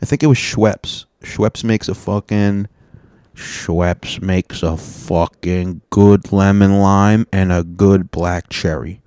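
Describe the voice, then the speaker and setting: Deep-voiced man, dry close sound. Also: fairly even intonation, takes it slowly, mellow, smooth, no room sound. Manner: profane, rambling, jokey. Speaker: comedian. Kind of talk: casual rambling monologue to camera.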